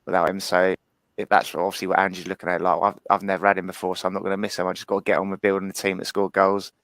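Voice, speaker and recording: Co-host, man, quick and deep, chatty tag-question style. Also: level tone, a bit bright, no echo. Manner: reasoning things through, tag questions. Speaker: podcast co-host. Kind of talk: casual football chat.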